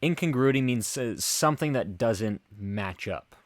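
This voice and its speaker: A man's voice: medium pitch, animated, a little slow, no room sound. An American man co-hosting a casual podcast chat, joking around and explaining things at length. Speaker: podcast co-host.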